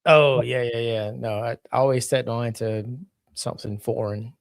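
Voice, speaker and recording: A man's voice: mid-range voice, steady tone, normal speed, vocal fry, no room sound. A man co-hosting a casual talk show, joking and bantering playfully. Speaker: co-host. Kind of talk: casual chat.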